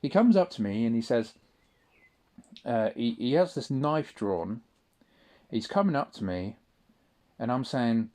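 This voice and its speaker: A man's voice: medium pitch, big pitch swings, unhurried, mellow. A man in a casual spoken monologue, rambling and swearing often, with frequent restarts. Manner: rambling, profane, restarts a lot. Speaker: audio diarist.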